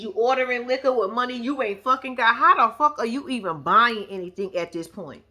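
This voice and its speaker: 高音女性，声音明亮尖利，泼辣直白地吐槽真人秀。. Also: female voice, fairly high pitch, a little fast, hardly any pauses, bright, forceful tone. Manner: blunt, profane, sassy running commentary. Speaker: show recap commentator. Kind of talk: casual reality-show recap.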